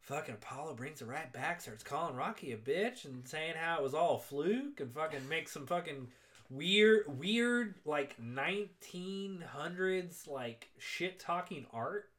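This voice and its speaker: Male podcast co-host, animated and profane, bright sharp tone, fairly high. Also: a little slow. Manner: excitable, profane, acts out quotes. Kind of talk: casual movie recap chat.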